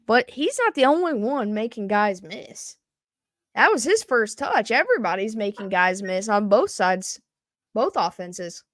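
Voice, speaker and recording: A woman co-hosting a live game reaction stream, calling plays with excitement and laughing often. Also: medium pitch, measured pace, no room sound. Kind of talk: live play-by-play and casual reaction.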